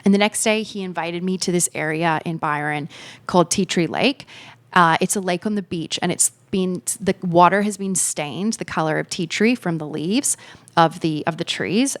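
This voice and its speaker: Young female podcast host, lowish voice, casual rambling storyteller, dry recording. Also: dry recording. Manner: reflective, chatty, many fillers.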